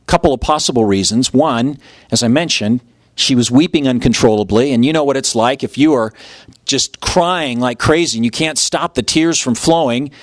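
A man's voice: medium pitch, moderate pace, no echo, studio quality. A man preaching a sermon as pastor, telling the story vividly and acting out the voices of its people. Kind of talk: expository sermon.

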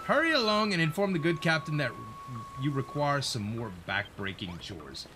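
A man's voice: fairly high pitch, sing-song, normal speed, background noise. A man voicing a stern male monster sailor who speaks in a formal, cold way. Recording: game music behind.

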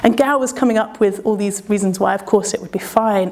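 Speaking a little fast in a mid-range voice with a darkish tone, a British woman shares a travel tale. She's an adventurer and speaker, and her storytelling is chatty, self-mocking, and full of laughter.

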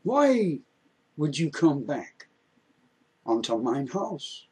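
A man's voice: on the high side, big pitch swings, extremely slow, warm tone, husky, full character voice, low-quality recording. A man voicing an old-fashioned farmer who talks in thee and thou, in a storytelling telling. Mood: stern. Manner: archaic, formal speech.

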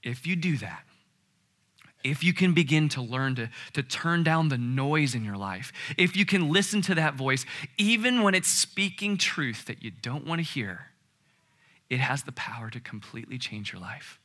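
A man preaching a sermon in an earnest way, repeating key phrases and dropping to a hush. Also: mid-range voice, big pitch swings, moderate pace. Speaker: pastor.

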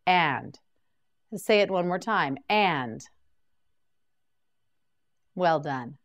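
A woman leads a slow, deliberate vocabulary lesson. Her voice sits a little low but moves a lot, and she sounds each word out clearly and then prompts the listener to repeat it. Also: lively intonation. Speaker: English vocabulary teacher.

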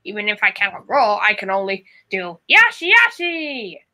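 A woman's voice: mid-range voice, big pitch swings, moderate pace, sharp tone. A woman voicing a cheerful small green male dinosaur with an upbeat, bouncy way of talking. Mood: encouraging.

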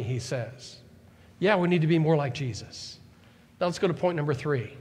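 A male pastor preaching a sermon to his church, animated, acting out the words of the people in his story. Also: fairly high pitch, moderate pace. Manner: animated preaching, acts out Bible figures' words. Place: church sanctuary. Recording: church hall reverb.

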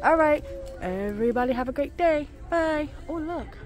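A woman filming a casual shopping vlog in a home goods store, gushing and excitable as she talks to her viewers. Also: sits high, moderate pace, faint music behind, some chatter behind. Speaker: vlogger.

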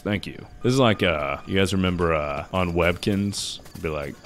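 A man's voice: low-pitched, a little slow, slight background noise. A young man playing a horror game on video, joking crudely and reading dialogue aloud. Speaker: gaming video host. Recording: loud game music behind.

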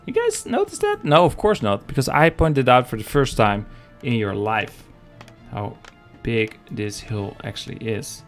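A man's voice: mid-range voice, unhurried, soft background music. A man casting a live strategy game match, joking and chatting with his viewers. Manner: joking, chatty, talks to the chat. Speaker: game caster. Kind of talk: live esports commentary.

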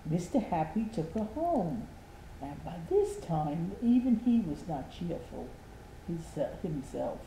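Elderly woman storybook reader, soft dark tone, echoey room. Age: 80s. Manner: slow, gentle, lively storytelling pitch. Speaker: grandmother reading aloud. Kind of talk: storybook read-aloud. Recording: echoey room with faint hiss.

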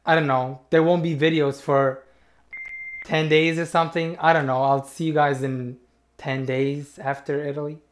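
A man's voice: on the high side, level tone, normal speed. A young man reacting to a TV clip in casual, sarcastic commentary, talking straight to his viewers.

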